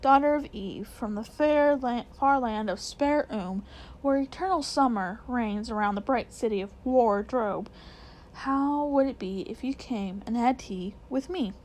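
A woman's voice: fairly high pitch, a little slow, darkish tone, natural voice, poor audio. A woman reading aloud, voicing a timid, courteous male faun with old-fashioned manners. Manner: old-fashioned, fussy politeness.

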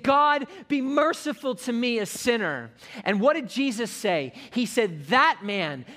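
A man preaching a sermon as pastor, slowing down and dropping his voice when reading scripture and hymn lines, and rising in pitch and force as he builds to a climax. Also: a bit bright.

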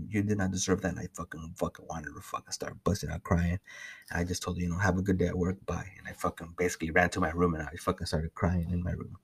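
A man's voice: low voice, gravelly, slightly rough. A young man casually talking through a solo podcast update, rambling with heavy swearing and many restarts. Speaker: podcast host.

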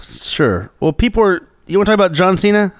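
A man's voice: high-pitched, big pitch swings, brisk, dry recording, studio quality. A man co-hosting a podcast in casual banter, blunt and profane, teasing his partner. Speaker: podcast co-host.

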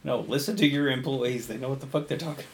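A man co-hosting a podcast, recapping a film plot in casual chat, profane and quick to act out lines. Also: medium pitch, a little hiss or hum. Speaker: podcast co-host.

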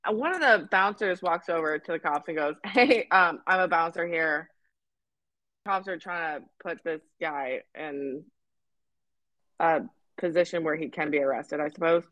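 A woman's voice: low voice, moderate pace, fairly bright tone, dry recording. Young woman, Canadian accent, podcast co-host, casual storytelling, laughs and swears a lot, dry close sound. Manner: swearing, laughing, acting out quotes.

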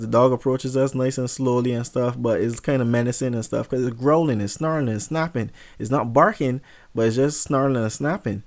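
Young man, mid pitch, animated, self-mocking, profane casual storyteller, close mic. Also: a little fast.

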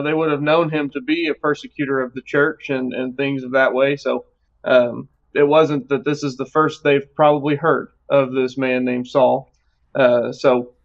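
A man leading a live Bible study discussion, reading scripture aloud and talking in a relaxed way with fillers. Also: mid-range voice, lo-fi sound.

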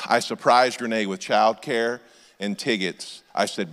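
A man in his forties, a pastor telling comic stories in a sermon and shouting his punchlines. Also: on the low side, unhurried. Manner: animated storyteller, shouting punchlines. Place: church auditorium. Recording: long hall reverb.

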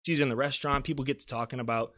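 Animated man hosting a storytelling podcast. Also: mid-range voice, racing. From Beaufort, South Carolina. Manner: animated, swings loud and soft while telling a story. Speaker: podcast host. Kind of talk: casual storytelling chat.

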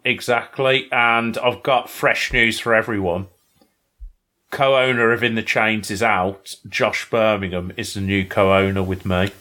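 A man's voice: on the low side, steady tone, measured pace, bright, forceful tone. A young man co-hosting a podcast, chatting casually and teasing, often ending with tag questions. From Britain. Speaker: podcast co-host. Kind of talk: casual banter.

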